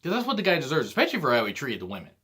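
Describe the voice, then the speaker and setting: A man's voice: medium pitch, huge pitch swings, very fast, sharp tone, breathy edge. A man hosting his own vlog, delivering a blunt, profane ranting monologue. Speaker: vlog host.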